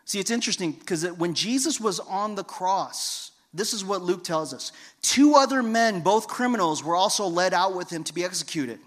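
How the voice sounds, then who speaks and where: Man, preacher, sermon, higher-pitched voice, storytelling, hushed to emphatic. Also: animated, moderate pace, hardly any pauses. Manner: storytelling, swings between hushed and loud emphatic. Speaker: pastor.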